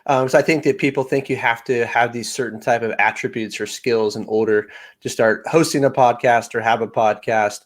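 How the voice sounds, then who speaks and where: A man with a middling pitch speaks informally on an online panel. He often repeats a word as he begins a thought, keeping the tone relaxed. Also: moderate pace. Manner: informal, repeats words when starting sentences. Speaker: podcaster, panel guest. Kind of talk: casual panel discussion.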